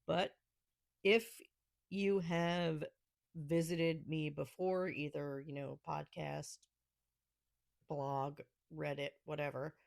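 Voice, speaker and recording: A woman's voice: on the low side, creaky, no room sound, studio quality. A woman with a New York accent hosting a casual solo podcast, talking with snarky, sarcastic humor and laughing often. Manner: laughs often between remarks. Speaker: podcast host.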